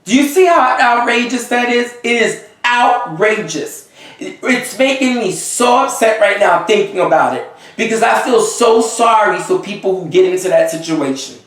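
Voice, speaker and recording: A man from Haiti, a Vodou priest, gives unscripted advice with real exasperation, pressing his points and checking in with his listener. His voice sits high for a man and lively in pitch. He is recorded from a distance in a strongly echoing room. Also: normal speed. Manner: emphatic and exasperated, often checking in with "okay?" and "you see?". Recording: very echoey room, voice away from the mic.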